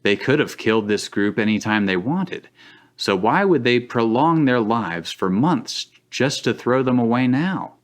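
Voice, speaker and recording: Lively man reading fan fiction aloud. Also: mid-range voice, a little slow. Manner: reads aloud, laughs often, chatty. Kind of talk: comic dramatic reading on a live stream.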